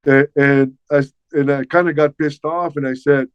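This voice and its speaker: An older man, a former wrestler, telling stories as an interview guest in a lively way, stumbling over and repeating his words. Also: medium pitch, normal speed, hardly any pauses, clean tone, dry recording. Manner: animated, repeats words while recounting past dialogue. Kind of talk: casual storytelling. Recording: dull, slightly muffled dry sound.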